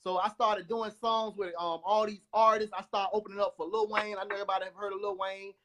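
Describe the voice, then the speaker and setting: A man giving an emotional testimony over his phone, retelling events in an animated way with lots of repeated words and restarts. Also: sits high, quick pace, slight background noise. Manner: repetitive, animated storytelling with many restarts. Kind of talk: emotional life-story testimony.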